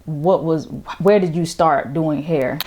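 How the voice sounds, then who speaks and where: A woman interviewer asking follow-up questions softly. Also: sits low, slow pace, a little hiss or hum.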